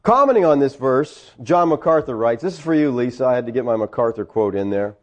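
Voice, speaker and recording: A man's voice: mid-range voice, animated, brisk. A man preaching a sermon as pastor, conversational, with teasing asides to his congregation in a church.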